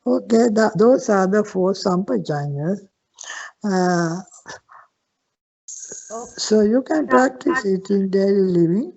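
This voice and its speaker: Slow gravelly older woman teaching. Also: mid-range voice, animated, darkish tone. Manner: slow, repetitive, questioning, with frequent restarts. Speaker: Buddhist nun teacher. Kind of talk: Dharma Q&A teaching. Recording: dull lo-fi sound.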